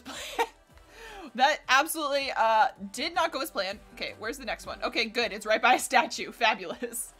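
A woman streamer with a bright, somewhat high voice chats casually while she plays. She rambles, swears freely and talks to herself and to the game. Soft game music plays quietly behind her. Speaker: livestreamer. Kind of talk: casual game livestream chat.

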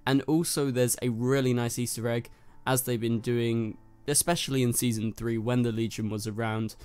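A man's voice: mid-range voice, little pitch movement, normal speed, a little mellow, smooth. A man from North London with a London accent, casually reviewing a TV episode in a chatty, rambling way, full of fillers. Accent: London English. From North London, England. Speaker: TV review host.

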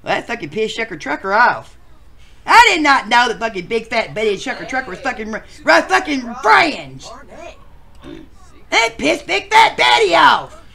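A performer voicing a crude, rowdy male bachelor contestant, who tells profane stories and bursts into shouts. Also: medium pitch, very animated, moderate pace, vocal fry, heavily acted. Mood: rambling. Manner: profane storytelling with sudden shouted outbursts. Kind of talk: comic machinima voice acting.

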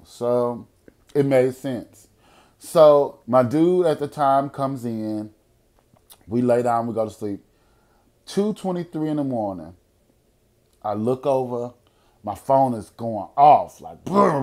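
Profane, animated male podcast storyteller. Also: mid-range voice, unhurried. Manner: profane, animated storyteller who drops to quiet, serious tones. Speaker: podcast host. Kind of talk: casual personal storytelling.

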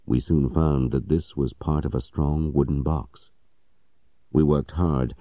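Very deep-voiced man reading a story. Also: dark tone, dry recording, muffled recording. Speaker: audiobook narrator. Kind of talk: scripted story narration.

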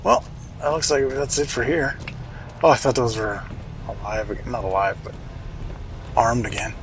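A man's voice: mid-range voice, fairly even intonation, moderate pace, a little hiss or hum, rough recording. A man casually commenting on his own gameplay, wry and chatty, muttering to himself and swearing now and then. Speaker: let's play host.

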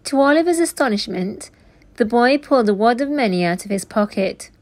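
A woman teacher reading a children's storybook aloud with slow, expressive narration. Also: a little high.

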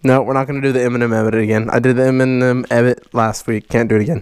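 A man in his twenties opening fan mail on his vlog, loud, hyper and goofy, jumping between high yelps and low growls. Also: level tone, racing, hardly any pauses, clean tone, dry recording. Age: 20s. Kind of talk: casual vlog chat.

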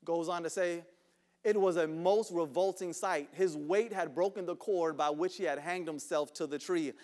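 Male pastor, high voice, sermon in a church, soft-to-loud swings, repeats for emphasis. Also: normal speed. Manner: swings from hushed whispers to shouted outbursts. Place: church sanctuary.

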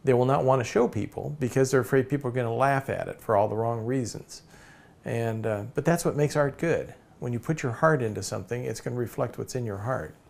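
A man teaching a cartooning course in a relaxed way, with many fillers and restarts. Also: mid-range voice, creaky. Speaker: cartooning instructor. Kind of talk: casual course lecture.

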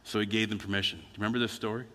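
A lower-pitched man preaching a conversational sermon with a bright, forceful edge to his voice. He tells his stories plainly and slips into the speakers' voices now and then. The sound carries a long reverb from a church hall. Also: little pitch movement, racing. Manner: conversational storytelling preaching with acted quotes. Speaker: pastor. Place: church sanctuary.

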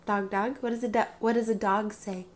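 A woman's voice: mid-range voice, fairly even intonation, a little fast, slight background noise. A woman in a home video, playfully asking her toddler questions in a sing-song way. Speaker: parent.

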